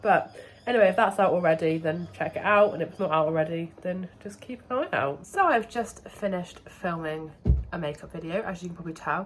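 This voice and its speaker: A young woman talks to her camera in a loose, chatty way, scattering fillers as she goes. Her voice sits on the low side and has turned hoarse. Her delivery is relaxed and everyday. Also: slight background noise. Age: young adult. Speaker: vlogger. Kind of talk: casual vlog chat.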